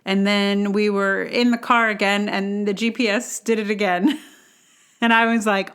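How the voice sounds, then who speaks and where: A woman's voice: mid-range voice, steady tone, slow, a bit bright, clean tone. A woman from New York hosting a solo podcast, talking in a rambling, chatty way with self-deprecating asides. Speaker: podcast host.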